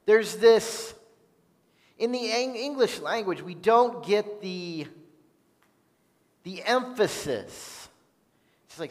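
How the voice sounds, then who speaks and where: A man with a high voice preaches a sermon at a slow, deliberate pace. He reads scripture in an earnest tone, and his words ring out with the long reverb of a church hall. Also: expressive. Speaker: pastor.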